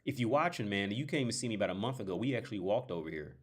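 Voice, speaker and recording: Deep-voiced young guy, livestream host, rambling and profane. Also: animated, rapid-fire. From North America. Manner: rambling, digressive storytelling with frequent restarts; profane, blunt asides. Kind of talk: casual chat.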